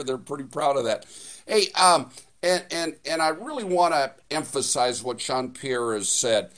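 A man's voice: fairly high pitch, animated, normal speed. A man hosting a radio show, talking enthusiastically in a chatty way with many fillers and restarts. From United States. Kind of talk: casual radio chat.

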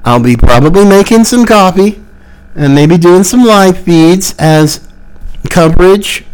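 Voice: medium pitch, expressive, measured pace, darkish tone, clean tone. A political commentary host talking solo, emphatic and exasperated, repeating words for stress.

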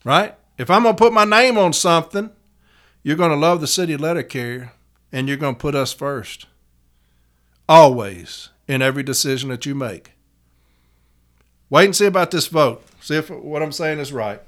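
A man's voice: fairly high pitch, normal speed, long pauses, a bit bright. A man, a union activist giving a blunt, profane rallying rant to fellow members. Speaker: letter carriers' union activist and podcaster.

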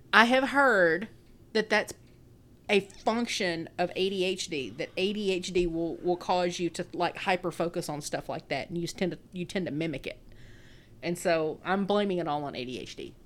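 Chatting casually as a podcast co-host, a Texan woman in her thirties rambles and laughs a lot. Her voice sits on the low side, slightly bright, at a normal speed.

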